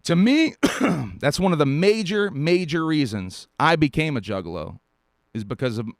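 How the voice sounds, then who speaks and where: A man's voice: fairly high pitch, big pitch swings, normal speed, no room sound. A man from South Carolina hosting a live stream, ranting bluntly and profanely with short laughs and a dry mouth. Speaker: podcast host. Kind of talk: live-stream commentary rant.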